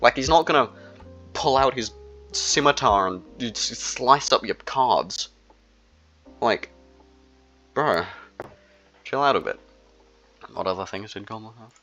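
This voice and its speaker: A man's voice: fairly low pitch, animated, measured pace, pauses often, sharp tone, faint music behind. A young man in a casual, rambling monologue, full of fillers and slang. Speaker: solo video creator. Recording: dull lo-fi recording.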